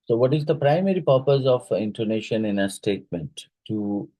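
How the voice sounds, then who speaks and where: A man's voice: medium pitch, animated, a little fast, dark tone, dry recording, low-quality recording. A man teaching an exam-prep lesson, reading each question aloud, repeating it, and talking through the answer with fillers.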